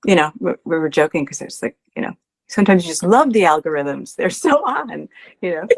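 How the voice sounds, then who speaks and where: A nervous, excited woman guest who speaks hesitantly with many fillers. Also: lowish voice, brisk, creaky.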